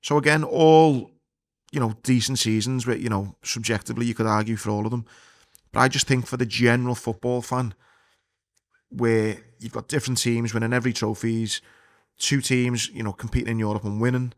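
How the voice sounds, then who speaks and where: A blunt, excitable man talks football on a podcast, swearing freely as he gets going. His voice sits at an ordinary middle pitch and sounds close and dry, with no room echo. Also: brisk. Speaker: podcast co-host. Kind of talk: casual football chat.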